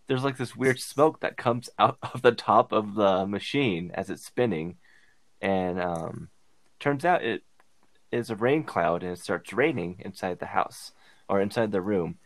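A man's voice: lowish voice, lively intonation, a little slow, no echo. A man co-hosting a casual movie review podcast, retelling the plot with lots of fillers. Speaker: podcast co-host.

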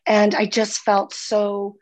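A woman's voice: mid-range voice, monotone, slow. A woman, a former nurse, speaking as a guest in a casual podcast conversation, earnest and heartfelt, often repeating words. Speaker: guest, former nurse turned spiritual healer.

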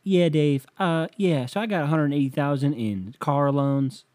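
A man's voice: a little high, measured pace, darkish tone, no echo, natural voice. Comic bit: flustered Southern woman caller in debt, drawling and helpless, voiced by a man. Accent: American Southern, put on. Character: woman caller with big debts, four kids, flustered.

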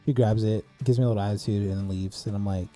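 A man's voice: lowish voice, fast, faint music behind. A young man casually telling a rambling story on a podcast, full of "like" and "dude". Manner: rambling, animated storyteller with many "like"s. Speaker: podcast co-host.

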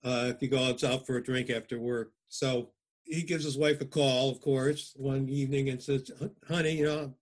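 A man's voice: mid-range voice, fairly even intonation, moderate pace. A male host chatting casually, often restarting his sentences. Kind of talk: casual chat.

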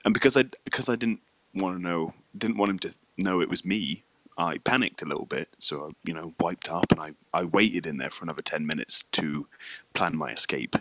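A man's voice: sits low, fairly quick, a bit bright, rough recording. A man telling an embarrassing story in casual chat, hesitant and self-deprecating. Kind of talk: casual anecdote.

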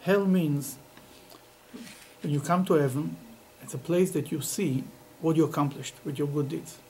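A man teaching a Talmud class to students, telling stories in an animated way and laughing often. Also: a little high, a little slow, slight background noise, poor audio. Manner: animated, laughing, Yiddish-sprinkled storytelling.

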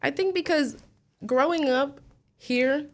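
A woman's voice: sits high, slow pace, a little hiss or hum. Bubbly young woman from New Jersey. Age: young adult. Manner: bubbly, animated, laughs often. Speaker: student co-host. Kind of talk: casual chat.

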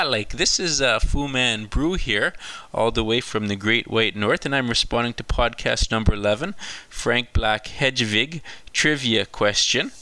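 A man's voice: mid-range voice, pushed and bright, dry recording. A man doing a goofy beer-drinking Canadian hoser. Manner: drawling, lots of "eh" and "like", chuckling. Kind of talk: comedy bit.

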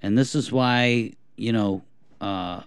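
A young man co-hosting a podcast, chatting casually in a rambling, self-deprecating way and clearing his throat often. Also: lowish voice, slow pace, no room sound. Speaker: podcast co-host. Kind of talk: casual chat.

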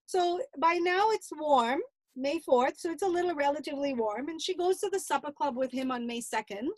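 A middle-aged woman with a high voice recounts a painful family ordeal in an interview. She tells it earnestly and with animation. The sound is dry and close, with no room around it. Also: animated, normal speed, dry recording. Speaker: interview guest, grandmother. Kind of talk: emotional personal account.

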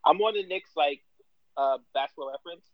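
A man co-hosting a sports podcast, chatting casually with lots of fillers and quick laughs. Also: a little high, no room sound. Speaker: podcast co-host. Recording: dull, dry sound.

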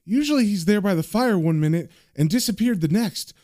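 A man voicing a harried young British waiter, slightly raised in pitch. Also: animated, a little fast, darkish tone, dry recording, clean studio sound. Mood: nervous.

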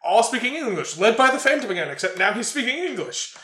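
A man's voice: very high voice, fast talker, echoey room. A man co-hosting a casual movie review chat, swearing and laughing as he retells scenes. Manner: swearing, laughing, animated storytelling. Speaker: podcast co-host.

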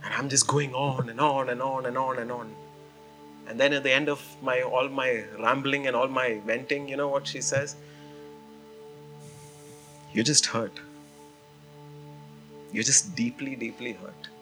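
Male pastor, animated sermon storyteller, bright tone over soft music. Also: medium pitch, normal speed. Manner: animated storytelling, frequent "you know" and "man".

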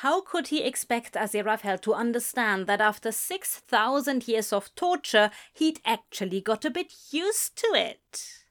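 A woman narrating a fan fiction story in an unhurried, expressive storytelling manner. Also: on the high side. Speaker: reader.

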